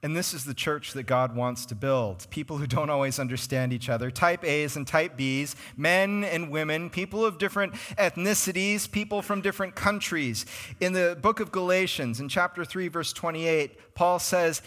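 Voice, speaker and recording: Bright-voiced animated male pastor. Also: on the high side, normal speed. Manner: conversational and animated, names congregants, acts out quoted voices. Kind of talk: sermon. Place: church sanctuary.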